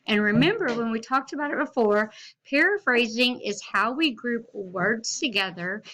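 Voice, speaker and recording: A woman teacher, talking slowly and deliberately to her class in a recorded reading lesson. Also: medium pitch, a bit bright, low-quality recording. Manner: slow, deliberate teacher talk, reads aloud with rising and falling expression.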